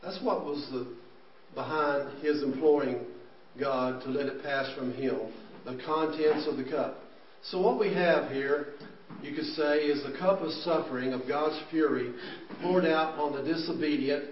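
Preacher in an echoey church. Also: male voice, on the high side, a little slow, a little hiss or hum. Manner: earnest, explanatory preaching with scripture readings. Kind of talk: sermon. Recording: echoey room, distant mic, dull sound.

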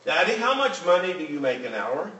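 A man's voice: on the high side, very animated, brisk, bright, forceful tone, pitched above the performer's own voice. A man voicing an eager five-year-old boy who pleads with his father, in a story read aloud. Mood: pleading. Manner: earnest and pleading. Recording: roomy room, mic at a distance.

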